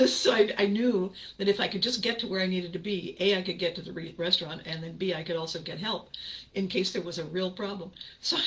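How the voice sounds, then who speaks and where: A woman's voice: mid-range voice, fairly bright tone, low-quality recording. A woman hosting her own show, telling a personal story casually and animatedly, laughing often and acting out her reactions. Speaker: podcast host.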